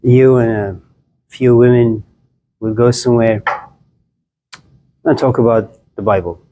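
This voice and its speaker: A male lecturer speaks to a room of students at an unhurried, deliberate pace, with a voice pitched in the middle for a man. He is playful and teasing, and he builds his jokes by repeating the same line again and again. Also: steady tone, dark tone, slight background noise. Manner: calls on students by name. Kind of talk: live classroom lecture. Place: classroom in front of students.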